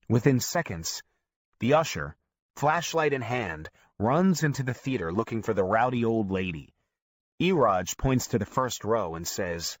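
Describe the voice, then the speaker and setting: A man narrating an audiobook in a lively storytelling manner. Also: on the low side, normal speed, no room sound, studio quality. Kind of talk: scripted narration.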